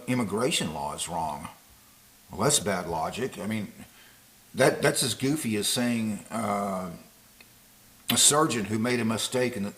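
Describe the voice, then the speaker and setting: A man's voice: lowish voice, fairly bright tone. A man giving casual spoken commentary to camera, rambling and digressive, with frequent fillers and restarts. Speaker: political commentator.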